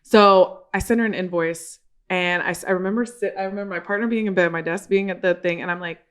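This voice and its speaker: Woman, podcast guest, animated storyteller, acts out quoted dialogue, casual. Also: lowish voice, fast, smooth. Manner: swears casually, laughs while telling.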